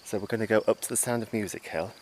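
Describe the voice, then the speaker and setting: A man presenting a walking vlog outdoors on a rural hillside, talking into a handheld camera and exclaiming often with excitement. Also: on the low side, very fast, low-quality recording. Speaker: travel vlogger. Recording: outdoor noise with insects chirping. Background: insects and crickets.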